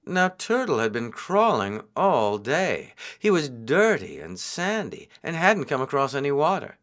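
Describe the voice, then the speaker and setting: A man reading a children's folk tale aloud in an expressive, unhurried way. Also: mid-range voice. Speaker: storyteller.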